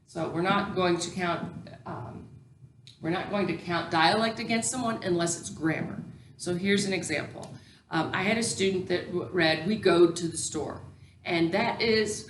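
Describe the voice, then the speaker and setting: A woman's voice: lowish voice, fairly bright tone, roomy sound, a little hiss or hum. A woman teacher educator giving a recorded lecture, explaining patiently with many ums and restarts.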